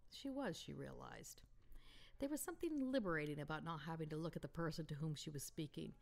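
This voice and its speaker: Low-voiced woman reading a romance. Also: animated, brisk, vocal fry. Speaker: author reading her novel. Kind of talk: audiobook narration.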